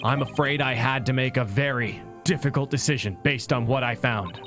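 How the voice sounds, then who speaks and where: A man's voice: mid-range voice, moderate pace, lightly acted. A man voicing an earnest young male defense lawyer in a mystery game, in a mock-serious tone over background music.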